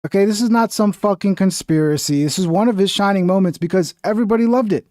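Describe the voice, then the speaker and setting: A man's voice: high voice, fast talker, darkish tone, no echo, studio quality. A man giving casual reaction commentary on a video, blunt and profane, mocking the views he disagrees with. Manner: blunt and profane, mocks others in whiny voices.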